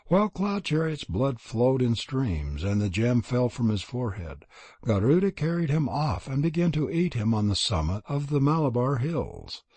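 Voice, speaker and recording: A man giving scripted audiobook narration in a measured storytelling manner, with a husky voice. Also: mid-range voice, warm tone, no room sound.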